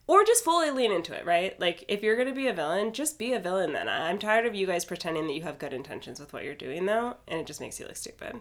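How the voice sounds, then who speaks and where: A woman with a bright, forceful voice, chatting casually on a podcast. She sounds blunt and sarcastic and swears freely, and her voice sits a little low. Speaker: podcast co-host. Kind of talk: casual recap chat.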